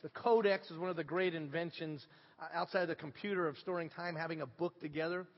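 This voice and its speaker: A middle-aged pastor with a bright, high-pitched voice delivers a storytelling sermon, dropping low and quiet, then climbing loud. The sound is slightly dull, carried in a long church reverb. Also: male voice, fast. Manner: animated storytelling, swinging from hushed to shouting. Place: church sanctuary.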